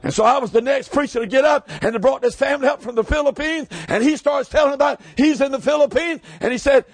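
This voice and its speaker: Hollering preacher, high and gravelly. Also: male voice, fast talker, few pauses, dry recording. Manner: hollers with rising pitch, then drops low. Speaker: pastor. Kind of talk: shouting revival sermon.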